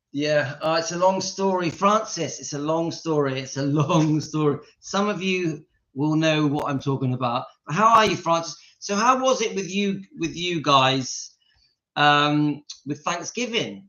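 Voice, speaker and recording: A man's voice: a little high, unhurried, sharp tone. Giggly man hosting a home livestream. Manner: giggly, keeps breaking into laughter; talks to his dog between remarks. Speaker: live-stream host. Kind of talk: casual live-stream chat. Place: home, indoors. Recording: dull lo-fi sound.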